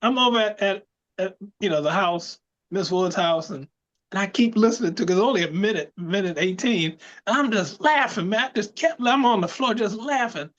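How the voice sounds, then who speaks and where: Man, co-host, animated storyteller, high voice, dull lo-fi sound. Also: moderate pace. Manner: storytelling, animated, laughs often. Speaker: podcast co-host. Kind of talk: casual chat.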